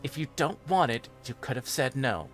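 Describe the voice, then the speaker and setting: A man's voice: mid-range voice, animated, moderate pace, fairly bright tone, soft background music, pitched above the performer's own voice, natural voice. A man voicing a petulant, sadistic female pink pony in a dramatic reading, whiny and scolding. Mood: sweetly creepy. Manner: whiny, scolding, sing-song. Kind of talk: dramatic reading of fan fiction.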